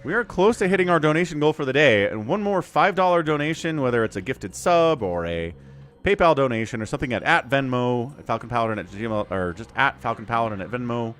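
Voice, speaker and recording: Lively male game-stream caster. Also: mid-range voice, brisk. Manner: chatty, turns to excited play-by-play during fights. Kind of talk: live-stream game commentary and chat with viewers.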